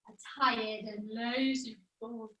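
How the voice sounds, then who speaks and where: Bright, gentle woman co-hosting a kids' lesson. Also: fairly high pitch, fairly even intonation, takes it slowly. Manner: gentle, encouraging, asks questions. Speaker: children's activity co-host. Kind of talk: playful lesson for children. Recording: echoey room, mic far off.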